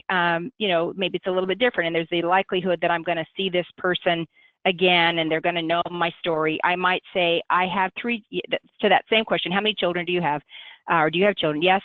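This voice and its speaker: A middle-aged woman, a guest on a webinar, speaking gently and in a measured way with many pauses. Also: fairly low pitch, no echo. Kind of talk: webinar conversation. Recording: tinny dry phone line.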